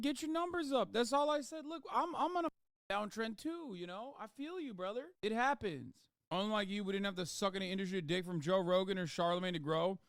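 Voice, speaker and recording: A man's voice: sits high, a bit bright, clear, resonant tone, no room sound, studio quality. A man doing livestream commentary, ranting sarcastically with plenty of swearing.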